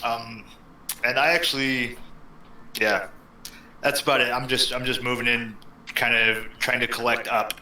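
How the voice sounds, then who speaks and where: A man's voice: medium pitch, steady tone, moderate pace, pauses often, bright, forceful tone, a little hiss or hum. A man describing his character in a tabletop game, rambling with many fillers. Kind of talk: casual game narration. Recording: echoey room.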